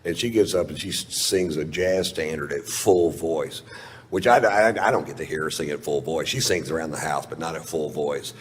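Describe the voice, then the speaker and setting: Low-voiced profane stand-up comedian man. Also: normal speed, a little hiss or hum. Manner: profane, rambling, self-mocking. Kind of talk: stand-up storytelling. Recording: live stage with long reverb.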